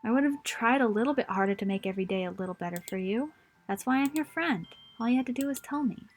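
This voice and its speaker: A woman's voice: fairly high pitch, animated, fast talker, faint music behind, natural voice. A young woman reading the lines of a caring teenage boy in an earnest, pleading way. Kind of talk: reading game dialogue aloud.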